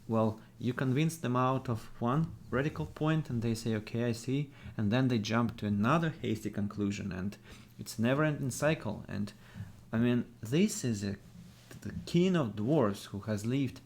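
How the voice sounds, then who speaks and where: A man's voice: medium pitch, measured pace, vocal fry, a little mellow. A man streaming a game, reading text aloud and ranting with frequent restarts. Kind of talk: live-stream gameplay commentary.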